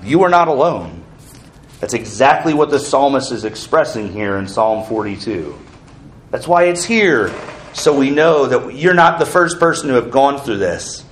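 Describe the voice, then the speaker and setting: A man's voice: medium pitch, lively intonation, normal speed, a little hiss or hum. A man preaching an earnest sermon as pastor, asking the congregation questions.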